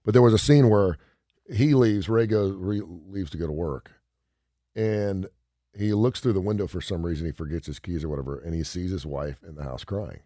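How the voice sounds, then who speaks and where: Deep-voiced male radio host. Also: moderate pace, mellow, no room sound, clean studio sound. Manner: rambling storyteller, retells scenes with quoted lines. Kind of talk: casual radio chat.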